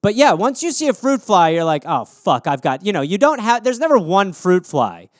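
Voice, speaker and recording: A man's voice: high voice, big pitch swings, brisk, no room sound, studio quality. A man in his thirties hosting a comedy podcast alone, riffing on listener suggestions, rambling and swearing, and slipping into silly voices.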